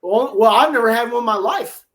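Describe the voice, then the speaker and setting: High-voiced man telling a wry story. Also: fairly quick, fairly bright tone. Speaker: tournament angler guest. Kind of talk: casual podcast storytelling.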